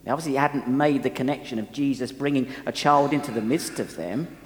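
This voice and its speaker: A man's voice: mid-range voice, brisk, long reverb tail. An older man, a pastor, preaching an earnest sermon and telling stories from his own life. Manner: earnest, storytelling, with frequent restarts.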